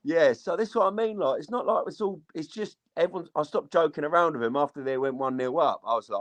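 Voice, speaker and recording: A man's voice: a little high, expressive, fast talker, few pauses. A young man, chatting casually about football on a panel. He rambles, swears a lot and drops plenty of slang.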